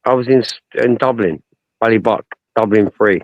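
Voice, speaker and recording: A man's voice: fairly low pitch, moderate pace, no room sound, lo-fi sound. Blunt, swearing man. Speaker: panelist. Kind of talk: heated live stream debate.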